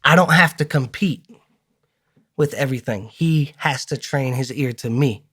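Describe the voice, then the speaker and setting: A man co-hosting a podcast, telling stories in casual chat, easygoing and quick to laugh. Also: mid-range voice, sharp tone, slightly rough, dry recording, studio quality. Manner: storytelling, easygoing, laughs often. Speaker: podcast co-host.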